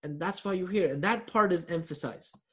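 A man's voice: high-pitched, moderate pace, sharp tone. Man teaching a live online grammar class. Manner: quizzes students, jokes and laughs at his own jokes.

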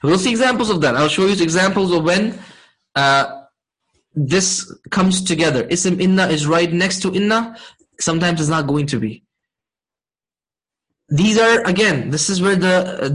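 A man teaching a class, explaining slowly and checking in with his students often. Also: high voice, animated, a bit bright, poor audio. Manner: slow, deliberate explaining. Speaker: Arabic grammar teacher.

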